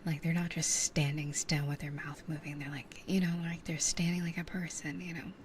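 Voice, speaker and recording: A young woman streamer in whispered casual chat. She speaks softly into a close binaural ASMR mic and rambles with many fillers. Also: deep voice, flat delivery, normal speed, a little hiss or hum.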